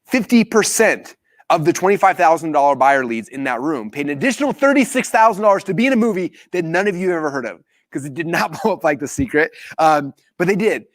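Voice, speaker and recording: A man hosting a live business training, telling a story with animated acted-out quotes. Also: fast talker, no room sound, clean studio sound. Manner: animated storytelling, acts out quotes with big pitch jumps.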